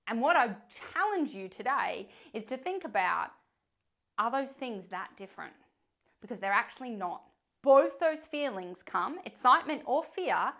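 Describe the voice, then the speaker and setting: A middle-aged woman talks straight to riders in a motivational coaching chat. Her voice sits a little high and swings widely as she acts out little bits of dialogue. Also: moderate pace. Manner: animated storytelling, acting out dialogue. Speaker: riding coach. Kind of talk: motivational coaching talk to camera.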